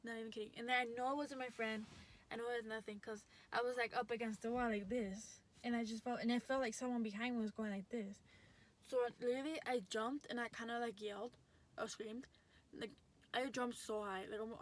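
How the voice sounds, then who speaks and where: A woman's voice: on the high side, steady tone, fairly quick. A young adult woman telling a story in a casual vlog, chatty and full of fillers and restarts. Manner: chatty, lots of likes and restarts. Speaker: vlogger.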